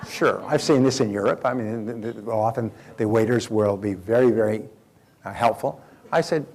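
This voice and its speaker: Gravelly older man telling seminar stories. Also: mid-range voice, moderate pace, darkish tone. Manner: storytelling, with repeated phrases and fillers. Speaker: seminar speaker. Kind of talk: motivational seminar talk with anecdotes.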